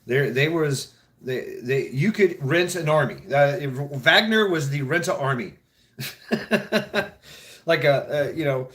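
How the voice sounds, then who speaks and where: A man's voice: on the high side, animated, slow pace, a bit bright. Male host, loose profane rambling chat, laughs at his own jokes. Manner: mimics others in mock voices. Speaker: show host. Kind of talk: casual chat.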